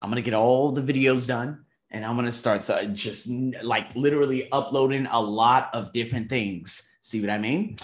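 A man in his thirties reviewing his month in a vlog, emphatic and animated, swearing casually and acting out conversations. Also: medium pitch, moderate pace, hardly any pauses, roomy sound. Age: 30s. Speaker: vlogger.

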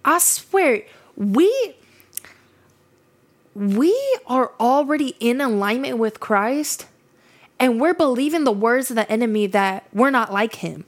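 A woman's voice: a little high, lively intonation, slow. A woman hosting a faith podcast in a casual, earnest, emphatic way, often restarting her sentences. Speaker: podcast host.

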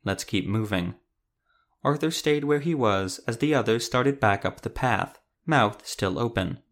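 A man narrating a fantasy audiobook in a steady storytelling manner. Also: medium pitch, normal speed.

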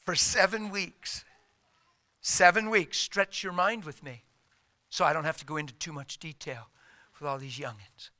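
A middle-aged man preaching with a very bright, ringing voice and a slightly raised pitch. He tells his story animatedly, jumping between loud bursts and near-whispers. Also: moderate pace. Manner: animated, swings from loud to hushed, acts out quotes. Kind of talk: sermon storytelling.

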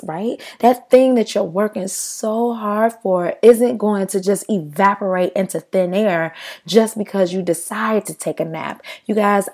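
A woman's voice: mid-range voice, a little mellow. A young woman hosting a solo motivational podcast, talking conversationally and often checking in with "right?". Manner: conversational, frequent "right?" asides. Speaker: podcast host.

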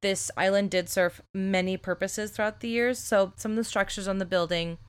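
A woman co-hosting a casual podcast, chatty and loose, swearing freely and filling pauses with ums. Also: mid-range voice, fairly even intonation, smooth. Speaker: podcast co-host. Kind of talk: casual chat.

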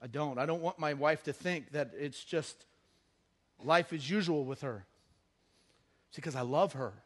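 A middle-aged man preaches in a high, light voice, keeping the sermon conversational and personal. He mixes humor with earnest appeals and swings between quiet asides and loud, emphatic bursts. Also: a little slow. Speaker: pastor.

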